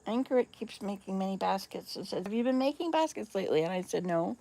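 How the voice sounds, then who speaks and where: Talking fast and expressively, a woman in her sixties rambles upbeat at home for her vlog, pausing to coax her cats. Her medium-pitched voice is gravelly yet mellow.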